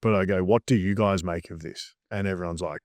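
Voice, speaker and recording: A man's voice: deep voice, a little fast, dry recording, studio quality. An Australian man, a guest, talking bluntly and swearing freely in a casual interview.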